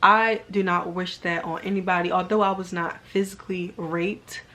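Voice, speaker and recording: A woman's voice: on the low side, fairly even intonation, moderate pace, sharp tone. A young woman telling a personal story to camera in a casual, rambling way, filling her sentences with "like" and sounding earnest and subdued. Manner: rambling, heavy use of "like" as filler. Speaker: vlogger.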